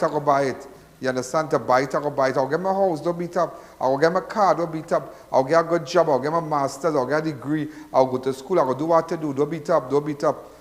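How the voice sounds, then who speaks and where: A man's voice: fairly high pitch, long reverb tail. A Trinidadian man hosting a live call-in crime show, talking in a rambling, repetitive, preachy way. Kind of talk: live call-in radio talk.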